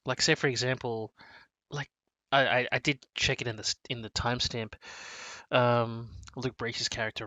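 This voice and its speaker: A man's voice: mid-range voice, pushed and bright, no echo. A man co-hosting a casual movie review chat, rambling with many restarts and fillers. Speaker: podcast co-host.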